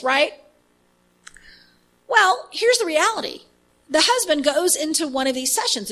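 A woman leading an inner healing ministry, telling an animated story with many fillers in a faith-based teaching talk. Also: high voice, rough recording.

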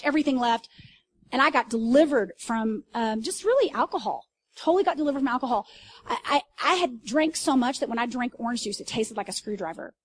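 A woman pastor preaching to a congregation, telling stories in an animated way with loud bursts and asides. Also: high-pitched. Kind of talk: sermon. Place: church service.

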